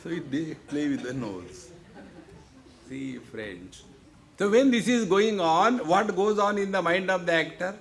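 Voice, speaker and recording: Jovial, slow-paced spiritual teacher. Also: male voice, sits high, big pitch swings. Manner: jovial, repeats "see, friends", playful asides. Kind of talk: humorous spiritual discourse. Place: lecture hall.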